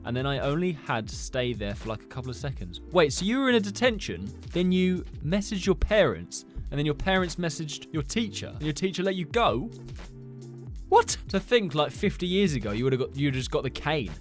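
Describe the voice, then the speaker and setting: Young male host, lively swooping delivery, sarcastic reactions, faint music underneath. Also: on the high side, brisk. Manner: animated, sarcastic, laughs between comments. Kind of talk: casual reaction commentary.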